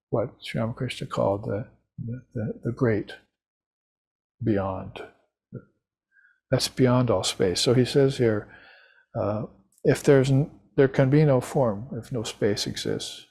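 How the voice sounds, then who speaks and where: A man leads a recorded devotional class, musing his way through the teaching with restarts and quiet chuckles. His voice is mid-pitched with a slightly husky, breathy edge. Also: a little slow, long pauses. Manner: meandering, reflective, with soft laughs and restarts. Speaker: spiritual teacher. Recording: class recorded for live stream.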